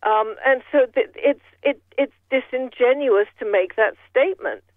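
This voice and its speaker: A man's voice: extremely high pitch, moderate pace, no room sound. A man giving casual political commentary with a rambling, sardonic manner, full of restarts. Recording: tinny phone line.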